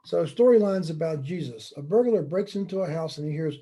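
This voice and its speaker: Guy giving a slide talk, kinda high pitched but really dark mellow tone, dry jokes thrown in. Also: a little fast, husky. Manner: conversational, wry, telling jokes with deadpan asides. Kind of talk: presentation lecture with slides and jokes.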